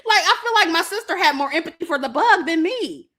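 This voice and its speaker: A woman's voice: very high-pitched, animated, brisk, pushed and bright. A young woman telling a story to her viewers in casual, profane chat, laughing often and acting out her family's lines. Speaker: vlogger.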